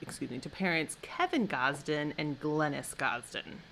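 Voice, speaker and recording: Woman, lowish voice, lively pitch, bright tone, relaxed podcast host, frequent ums. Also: moderate pace, vocal fry, slight background noise. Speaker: podcast host presenting a case. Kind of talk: casual chat.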